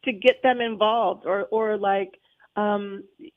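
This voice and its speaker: A woman's voice: medium pitch, fairly even intonation, slow pace. A woman guest on a radio show, chatting casually with lots of fillers about her city's tourism. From New Orleans. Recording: tinny phone-line radio sound.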